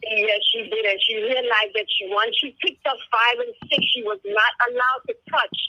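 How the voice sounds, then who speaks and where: Jamaican woman caller, bright and excitable. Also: on the high side, normal speed, no echo, poor audio. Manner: excitable storyteller, animated in quoted speech. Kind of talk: phone-in chat. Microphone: phone line.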